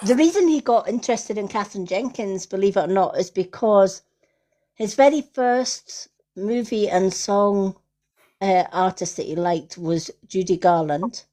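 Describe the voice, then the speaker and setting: Lively middle-aged woman telling stories. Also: mid-range voice, a little slow. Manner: animated, acts out voices in her stories. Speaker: host. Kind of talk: casual storytelling on a live stream.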